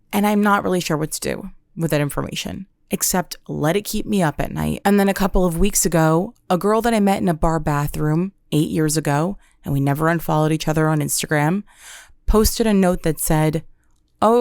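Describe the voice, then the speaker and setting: A young adult woman hosting a podcast, telling a comedic monologue with deadpan, dramatic exaggeration. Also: lowish voice, dry recording. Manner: deadpan, dramatic storytelling with self-mocking exaggeration. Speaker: podcast host.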